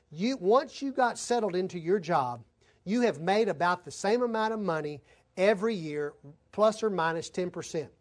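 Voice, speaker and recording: A man preaching a conversational sermon to his congregation, telling stories and talking straight to the folks in the room. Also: high voice. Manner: conversational preaching, addresses folks directly, tells anecdotes. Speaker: pastor.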